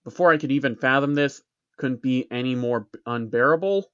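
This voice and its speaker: A man's voice: medium pitch, brisk, fairly bright tone, smooth. A man narrating a first-person horror story in a tense, dramatic storytelling voice. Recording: dull recording with background music.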